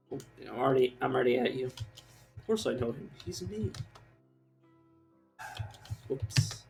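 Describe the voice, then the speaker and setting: A man's voice: mid-range voice, darkish tone. A man streaming a game live, rambling casually and mocking himself as he plays, swearing now and then. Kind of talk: casual gameplay commentary.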